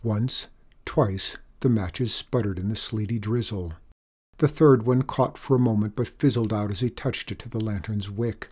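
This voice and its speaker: A man's voice: on the low side, normal speed, darkish tone, slight background noise. Man narrating an audiobook.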